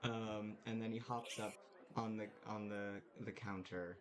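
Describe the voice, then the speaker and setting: A man's voice: lowish voice, fairly even intonation, unhurried. A man narrating a tabletop game as game master, casually and with many hesitant fillers. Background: music.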